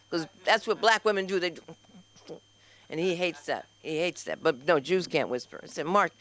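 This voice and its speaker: A woman doing a stand-up comedy set and hosting an open mic, loud and animated, acting out the people in her stories. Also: lowish voice, moderate pace. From New York. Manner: loud, animated storytelling with acted-out quotes. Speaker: comedian and host. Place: small comedy club stage.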